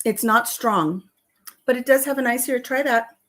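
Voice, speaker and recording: A woman's voice: fairly high pitch, normal speed, a bit bright. Chatty, laughing woman vlogger. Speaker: vlog host. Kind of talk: casual chat while tasting tea.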